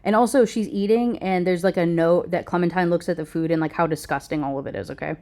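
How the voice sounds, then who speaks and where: A woman's voice: on the low side, steady tone, quick pace, warm tone. A woman talking casually as she reviews a book, recapping the plot in a chatty way with lots of "like".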